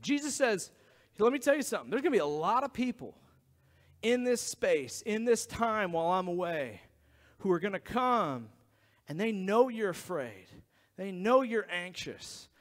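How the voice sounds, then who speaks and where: Animated high-voiced male pastor preaching. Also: normal speed, in a large hall. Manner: conversational, animated preaching with acted-out quotes. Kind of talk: sermon. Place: church sanctuary.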